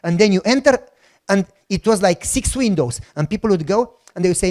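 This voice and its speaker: A middle-aged man, a pastor, telling a testimony in a sermon. He acts out the dialogue, and at moments his voice drops low and soft. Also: fairly quick. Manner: animated storyteller, acts out dialogue.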